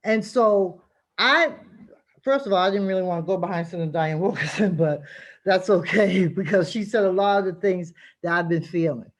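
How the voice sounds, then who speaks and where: A woman's voice: lowish voice, normal speed. A middle-aged woman, a community activist giving impassioned, emphatic testimony at a city hearing over a video call. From Boston, Massachusetts.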